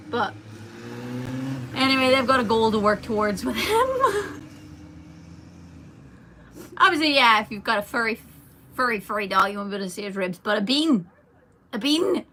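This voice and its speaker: Slight background noise accompanies this young Irish woman's medium-pitched, pushed, bright voice. A singer streaming to her fans, she chats casually, giggles, and reads their comments aloud before answering.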